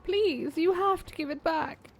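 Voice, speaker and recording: A woman voicing a frail elderly nursemaid, pleading for help in a higher, softer voice. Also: unhurried, soft background music.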